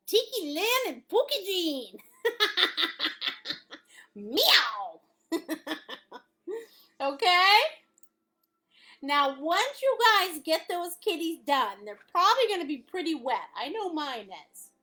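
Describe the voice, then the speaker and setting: A playful woman with a high, lively voice leads a live painting class. She talks at an unhurried pace, jokes and laughs often, and speaks warmly to her viewers as she guides each step. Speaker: art instructor.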